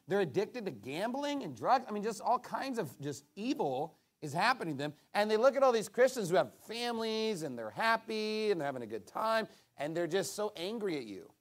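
A man delivers a sermon in a notably high-pitched voice. He is emphatic, surging into loud, forceful bursts, then dropping to low, quiet stretches. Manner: emphatic, swings between booming and hushed. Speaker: preacher.

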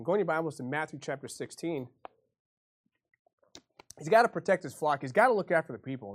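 Impassioned male preacher, fairly high voice. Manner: swings from quiet asides to loud impassioned preaching; folksy, acts out quoted voices. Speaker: pastor. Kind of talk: sermon.

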